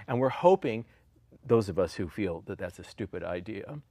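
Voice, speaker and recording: Guy in his 60s telling old political stories, pitch jumps all over, dry close sound. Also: normal speed, no room sound. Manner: animated, acts out quoted voices and laughs often. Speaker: guest, former politician. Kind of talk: storytelling interview.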